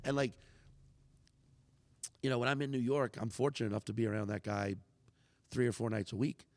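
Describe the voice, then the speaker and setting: A man, a comedian, telling a story in casual conversation, animated and swearing freely, acting out the lines of the people in it. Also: mid-range voice, fairly quick, no room sound, studio quality, big-room sound. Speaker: comedian guest.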